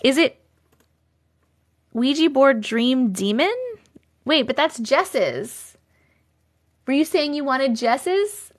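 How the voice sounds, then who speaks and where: A woman's voice: high voice, animated, slow, long pauses. A woman in her thirties hosting a casual live stream, bubbly and chatty, thanking viewers and reading comments aloud. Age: 30s.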